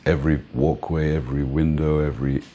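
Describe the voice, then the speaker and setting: Older man, extremely low voice, mellow dark tone, relaxed reminiscing interview storyteller. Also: fairly quick, a little hiss or hum. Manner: relaxed, reminiscing, often says "man", laughs between points. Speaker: music manager interviewed.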